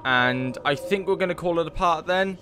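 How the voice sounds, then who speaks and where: Male let's-player, a bit high-pitched, casual and rambling, swears when excited. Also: moderate pace, noisy background. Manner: chatty, thinks aloud with many fillers, swears when moved. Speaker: let's play gamer. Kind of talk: casual gameplay commentary.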